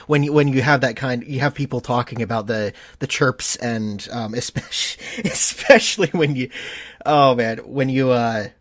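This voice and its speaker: A man's voice: medium pitch, normal speed, fairly bright tone, no echo, studio quality. A man co-hosting a casual sports podcast, earnest and thinking aloud with frequent restarts. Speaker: podcast co-host.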